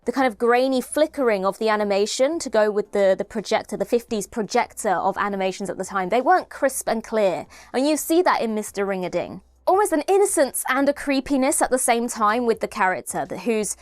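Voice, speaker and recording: A woman's voice: fairly high pitch, animated, fairly quick, few pauses, no room sound. A woman giving a chatty, enthusiastic spoken review of a TV episode, often restarting her phrases. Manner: enthusiastic, chatty, frequent self-corrections.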